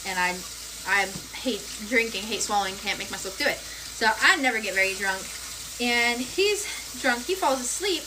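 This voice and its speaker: A young woman with a high voice tells a storytime in a frank, rambling, profane way. She speaks casually while cooking at home. A loud sizzling pan and stirring sound behind her. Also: background noise.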